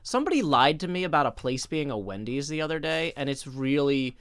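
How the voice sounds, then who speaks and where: A man's voice: fairly high pitch, lively intonation, brisk, a bit bright, clear, resonant tone, dry recording. A man streaming live, chatting casually and reading messages aloud with wry asides. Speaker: livestreamer. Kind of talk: casual livestream chat.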